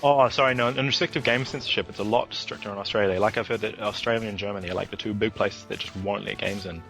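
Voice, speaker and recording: A man's voice: lowish voice, steady tone, fast, vocal fry, fairly bright tone, faint music behind. A man with a New Zealand accent, a podcast guest chatting casually over gameplay and explaining things at length.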